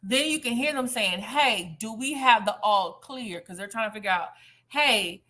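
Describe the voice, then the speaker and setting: A woman's voice: a little high, moderate pace, pushed and bright. A woman giving a casual, chatty commentary monologue, telling a story animatedly and acting out quotes.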